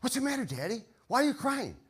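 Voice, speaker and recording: A man's voice: very high-pitched, big pitch swings, quick pace, husky, voice pushed up, exaggerated voice. A man voicing his earnest three-year-old daughter, asking wide-eyed questions. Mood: worried. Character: little girl, three years old, earnest.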